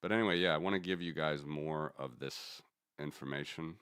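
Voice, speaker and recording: A man's voice: rumbling low, brisk, fairly bright tone, clear, resonant tone, no echo, studio quality. A man hosting a casual commentary stream, rambling and correcting himself as he talks through charts. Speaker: host.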